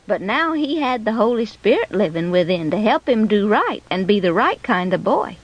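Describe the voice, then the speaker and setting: A woman narrating a scripted children's story in an expressive, animated way. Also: mid-range voice, normal speed, few pauses, dry recording, lo-fi sound.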